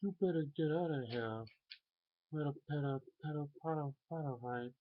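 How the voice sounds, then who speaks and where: A man's voice: on the high side, moderate pace, voice pushed up, close to an everyday voice. A man voicing a cartoon duck blended with a snickering teen and a tycoon, sputtering and indignant. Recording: dull lo-fi recording.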